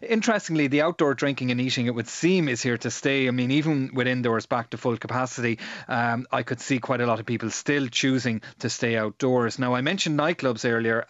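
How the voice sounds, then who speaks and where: A man narrating a radio report in a conversational, measured way. The recording is dry, with no room sound, and a little muffled. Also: medium pitch, no echo. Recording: dull, dry studio sound.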